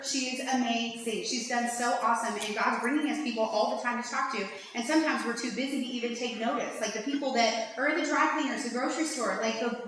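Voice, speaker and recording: Woman, conference speaker, higher bright voice, chatty and animated; echoey hall, mic well off. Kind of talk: faith-based conference talk. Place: large lecture hall. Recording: echoey hall from far off, faint hiss.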